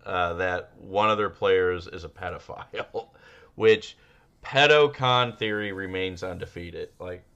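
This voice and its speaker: A man's voice: deep voice, unhurried, clear, resonant tone, muffled recording. A man co-hosting a casual comedy podcast, telling stories and acting out the quotes. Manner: animated storyteller, acts out quotes. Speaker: podcast co-host.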